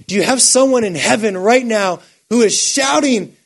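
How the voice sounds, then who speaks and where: A man delivers a sermon in a high, husky voice. He climbs from measured, quiet phrases to impassioned, near-shouted peaks, then drops low again. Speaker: preacher.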